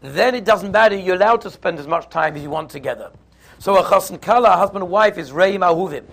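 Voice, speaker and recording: A man teaching a Torah class, lively and conversational, who acts out little scenes in voices. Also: high-pitched, fast, gravelly. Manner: animated, acts out the quarrel in put-on voices.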